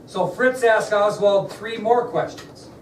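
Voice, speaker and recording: A man gives a history lesson to his class, slightly high in pitch, telling the story casually and stopping to quiz his students. He sounds distant from the mic in a roomy, echoing classroom with a faint hiss behind him. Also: slow pace. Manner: conversational storytelling, asks the class questions. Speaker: history teacher. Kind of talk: classroom lecture. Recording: echoey room, mic far off, faint background noise.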